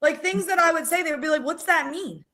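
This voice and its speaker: A woman from South Philadelphia with a South Philly accent, a podcast guest chatting casually and telling animated stories with frequent laughter. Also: very high-pitched, fast. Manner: laughs often, animated storytelling. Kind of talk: casual chat.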